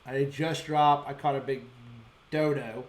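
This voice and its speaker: A man hosting a fishing show, telling fish stories in casual, excited chat with sound effects and frequent restarts. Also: medium pitch, unhurried, roomy sound.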